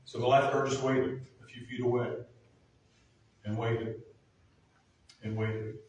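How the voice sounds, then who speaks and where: A male pastor delivers a sermon in an earnest voice that swells to emphatic peaks. His voice is of middling pitch and is picked up from a distance, so it rings with heavy reverb in a large room with faint ambience behind it. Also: flat delivery, measured pace, darkish tone, slight background noise. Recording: echoey room from far off.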